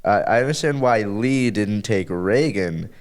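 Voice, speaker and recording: A young man co-hosting a podcast in casual chat, talking haltingly with many fillers and restarts. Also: fairly low pitch, lively intonation. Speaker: podcast co-host.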